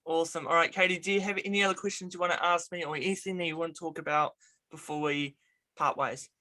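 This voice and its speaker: A man's voice: a little high, fairly even intonation, fast talker, pushed and bright. A man hosting a casual interview show, chatting in an upbeat, encouraging way and drawing out his phrases. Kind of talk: casual video interview chat.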